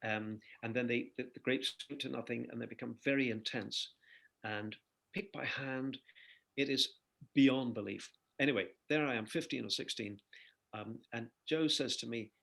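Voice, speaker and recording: Gravelly, husky older male storyteller. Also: mid-range voice, normal speed. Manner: animated anecdotal storyteller, laughs between phrases. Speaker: singer-songwriter guest. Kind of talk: conversational interview storytelling.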